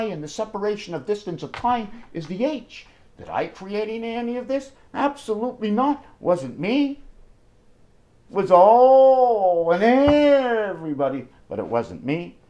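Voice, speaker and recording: A man in a rambling monologue, jumping excitedly between numbers and firing off rhetorical questions. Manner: wide swings in pitch and loudness. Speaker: numerology video maker.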